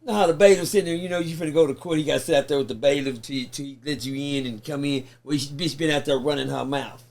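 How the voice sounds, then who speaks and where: A man tells a long story in a sit-down interview. His voice sits fairly high with a gravelly crackle. He is animated and profane, and he acts out everyone he quotes. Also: fast talker. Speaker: guest.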